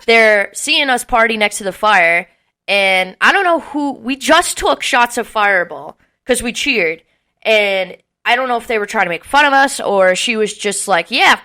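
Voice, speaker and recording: Young woman co-host, bright voice, casual storytelling, swears a lot, acts out the quotes. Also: on the high side. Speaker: podcast co-host.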